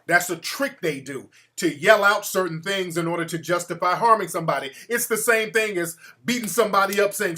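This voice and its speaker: Bright-voiced emphatic man ranting. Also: sits high, expressive, fairly quick, hardly any pauses. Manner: emphatic, profane, talks straight to his audience. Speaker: show host. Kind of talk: ranting commentary monologue. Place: home room with a fan.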